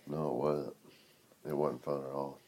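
A man's voice: extremely low pitch, level tone, moderate pace, vocal fry, darkish tone. A man in casual chat as co-host, teasing with dry jokes.

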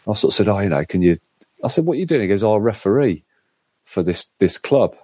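Deep-voiced Englishman telling a story. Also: fast, slightly rough, no echo. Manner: animated storyteller, acts out quotes. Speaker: co-host. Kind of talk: casual chat.

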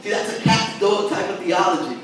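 A male pastor delivers an animated, conversational sermon in a church sanctuary, tossing asides to the congregation. His voice sits high and moves fairly quickly, recorded from a distant mic in an echoey hall with slight background noise.

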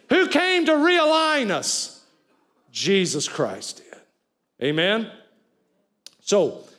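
High-pitched preaching man. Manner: preaching, calls on the congregation to repeat words; swings between loud cries and low, quiet lines. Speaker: pastor. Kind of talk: sermon. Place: church sanctuary with an audience, also streamed.

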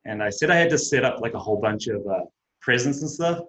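A young man with a New Zealand accent, telling stories as a podcast guest in a relaxed, self-mocking way. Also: mid-range voice, fast talker, a little hiss or hum. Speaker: guest, baseball pitcher and teacher. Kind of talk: casual podcast chat. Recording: dull lo-fi audio.

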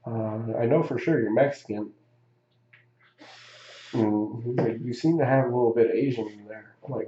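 A man's voice: mid-range voice, fairly even intonation, moderate pace, long pauses, echoey room, dull audio. A man telling a story in a casual chat, rambling and swearing, with many fillers and restarts. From Southern California.

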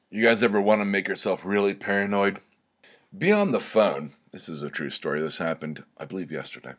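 Low-voiced rambling podcast host man. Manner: rambling, joking, full of fillers. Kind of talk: casual monologue.

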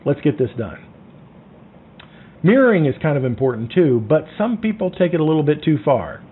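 A man giving sales coaching in a lively way, acting out phone calls and lowering his voice for effect. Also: fast, breathy edge. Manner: animated, acts out phone calls, drops to a low voice. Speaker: sales trainer. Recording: tinny phone-like sound.

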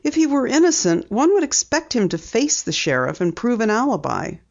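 A woman's voice: fairly high pitch, very animated, normal speed, vocal fry, darkish tone, pitched above the performer's own voice, full character voice. A woman reading an audiobook, voicing an eager, persistent teenage girl sleuth who presses with questions. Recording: dull lo-fi audiobook recording.

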